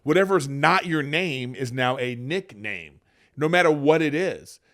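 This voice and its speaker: A man's voice: a little high, expressive, a little slow, fairly bright tone. A man in his thirties co-hosting a podcast, chatting casually, playful and needling, laughing a lot. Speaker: podcast co-host.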